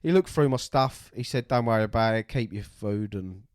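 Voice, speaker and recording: A man's voice: on the low side, moderate pace, a little mellow, dry recording, clean studio sound. Man telling a gaming story. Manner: swears freely, acts out quoted voices. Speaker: podcast co-host. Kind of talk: casual chat, storytelling.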